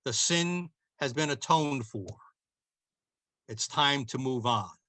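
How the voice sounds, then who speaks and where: A man hosting a political talk show, delivering scripted commentary in a declamatory, emphatic way with dramatic slow pauses. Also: mid-range voice, bright, forceful tone, dry recording, low-quality recording.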